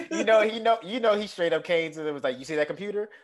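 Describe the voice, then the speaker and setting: A man in casual conversation about a film, animated and profane, acting out imagined quotes with laughter. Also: high-pitched, fast talker, a little hiss or hum. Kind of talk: casual movie chat.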